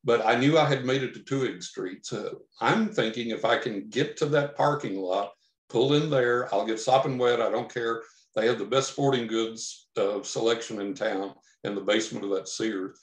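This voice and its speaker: A man from Texas tells a long first-person story as a podcast guest, and he gets animated when he acts out what he and others said. His voice sits at a middle pitch for a man. The recording has a roomy echo around it. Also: normal speed. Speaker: podcast guest, psychic investigator.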